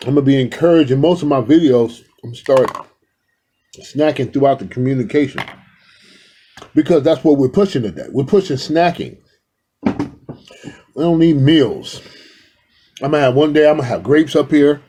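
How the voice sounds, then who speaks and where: A man's voice: medium pitch, a little fast, dark tone, slight background noise. A man in a casual, rambling talk to his viewers, addressing them directly and affectionately while filming himself indoors. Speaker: spiritual vlogger.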